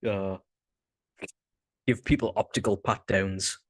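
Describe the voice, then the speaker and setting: A young man with a Northern English accent, co-hosting a casual chat, rambling and halting and swearing casually. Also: fairly low pitch, fairly even intonation, dry recording. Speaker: podcast co-host.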